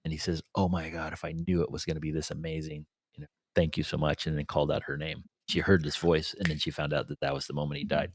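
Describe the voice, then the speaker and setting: A man with a very low voice speaks reflectively about spiritual ideas. The sound is dry and close, with no room echo. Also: little pitch movement, fast, husky. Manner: reflective and spiritual, with short affirmations. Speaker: podcast co-host. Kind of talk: casual conversation.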